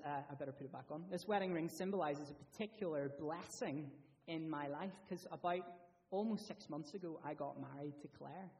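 A man giving a children's talk in church, asking the children lots of questions in a lively, friendly way. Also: a little high, far from the mic.

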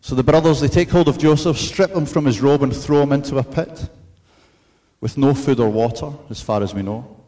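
A man preaching a sermon in an earnest, measured way, mixing in storytelling asides. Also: medium pitch, warm tone.

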